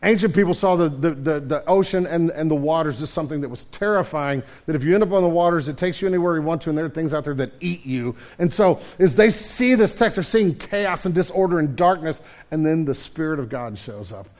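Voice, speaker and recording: A man preaching a sermon, animated, with frequent restarts and casual asides. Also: on the high side, brisk, hardly any pauses. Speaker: pastor.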